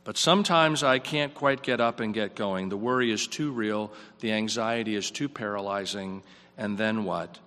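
A man preaching a sermon in a reflective, earnest way, his voice rising on questions and dropping soft. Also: lowish voice, normal speed, in a large hall.

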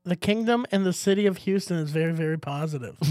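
A man's voice: on the high side, a little fast, a little mellow, no room sound, studio quality. A man co-hosting a podcast, joking and laughing through casual comedic banter. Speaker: podcast co-host.

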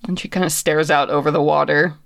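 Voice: mid-range voice, fairly even intonation, fairly quick, vocal fry, fairly bright tone. A game master narrating a tabletop game in loose, casual phrasing full of fillers.

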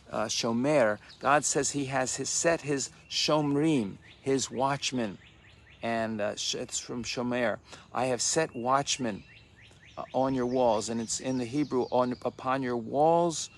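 A man teaching scripture in an easygoing, conversational way, his voice sitting at an ordinary middle pitch. He often restarts phrases and slows down deliberately when reading verses. A faint hum of noise sits behind him. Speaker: messianic teacher. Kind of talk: devotional teaching.

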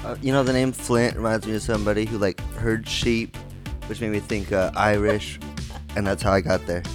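A man's voice: fairly low pitch, steady tone, a little fast, music in the background. A man from Michigan co-hosting a movie podcast, silly and playful in casual chat. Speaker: podcast co-host.

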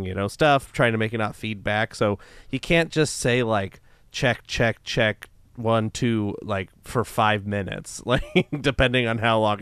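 A man's voice: fairly low pitch, a bit bright, clear, resonant tone, dry recording. A man co-hosting a podcast, telling an easygoing story in casual chat full of fillers. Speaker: podcast co-host.

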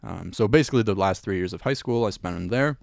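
Gravelly young man with a French accent. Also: lowish voice, dry recording, clean studio sound. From Italy. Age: young adult. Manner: halting, many restarts and fillers. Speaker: guest. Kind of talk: casual interview.

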